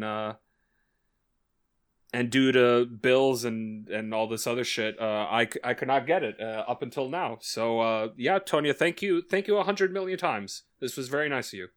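Halting, rambling young man. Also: mid-range voice, a bit bright. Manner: rambling, halting, lots of filler and profanity. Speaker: podcast co-host. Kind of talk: casual chat.

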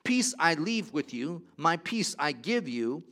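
Bright-toned emphatic male preacher. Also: very animated, slow. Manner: emphatic and repetitive, swinging between soft low passages and loud rising declarations. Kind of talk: sermon.

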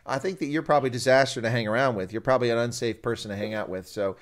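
A man's voice: medium pitch, racing. A man hosting a live stream interview, chatting casually and teasing his guest. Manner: joking and teasing.

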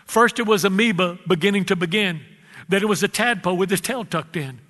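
A man's voice: high voice, fairly bright tone. A male pastor preaching a sermon, calling out to the congregation and stretching out his key words. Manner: preacherly, calls out to the congregation, drawn-out emphasis. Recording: reverberant hall.

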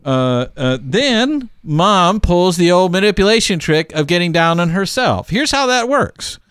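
A man's voice: sits high, big pitch swings, measured pace, fairly bright tone, smooth, no room sound, studio quality. A man co-hosting a podcast, giving emphatic advice in casual chat, with frequent restarts and fillers.

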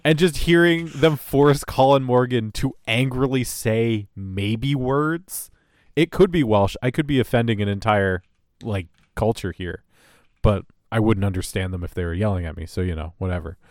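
A man co-hosting a casual podcast chat, swearing and laughing, slipping into quick mocking quotes. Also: on the low side, darkish tone, no echo, studio quality. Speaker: podcast co-host.

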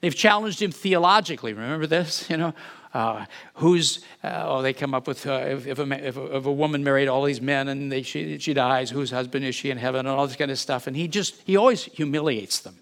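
A man's voice: medium pitch, a little fast, fairly bright tone. A man preaching an expository Bible sermon, acting out the quoted lines and asking rhetorical questions.

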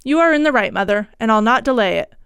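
A woman's voice: on the high side, expressive, fast, a bit bright, clear, resonant tone, no room sound, studio quality. Woman reading as a terrified guilty son. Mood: dutiful. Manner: anxious, despairing. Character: frightened young gentleman, guilt-ridden son.

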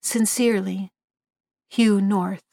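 A woman narrating a first-person ghost story in a quiet, somber reading. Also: mid-range voice, fairly even intonation, takes it slowly, creaky, slight background noise.

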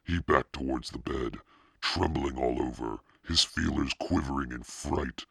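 A man voicing Satan as a demonic podcast narrator, reading a spooky children's story in a slow, menacing drawl with a husky, gravelly voice. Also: sharp tone, dry recording, clean studio sound, heavily acted. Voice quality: extremely deep, gravelly and husky. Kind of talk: scripted narration.

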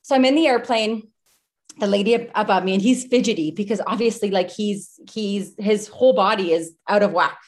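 She talks fairly quickly in a mid-range voice, a woman in her thirties guesting on a podcast via video call. Her storytelling is casual and breathless, packed with "like" and other fillers.

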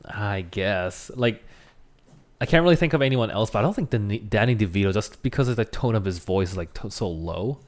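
A man with a fairly low voice in relaxed, casual conversation. He laughs often and sometimes trails off before finishing a thought. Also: brisk. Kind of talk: casual chat.

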